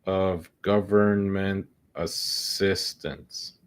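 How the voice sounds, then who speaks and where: A low-voiced man commenting casually on a trading stream. He mutters sarcastic jokes and complains about his headache. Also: steady tone, drawn-out words, clean tone. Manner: sarcastic, joking, mumbling asides. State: suffering a headache.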